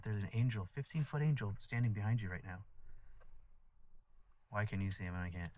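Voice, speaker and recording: A man with a very low voice talks straight to his listeners in a loose, wandering monologue. He is blunt and swears freely, circles back on his points, and leans on many "like"s and "um"s. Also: a little fast. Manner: rambling, blunt and profane, with many fillers. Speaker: vlogger. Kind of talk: casual spiritual monologue.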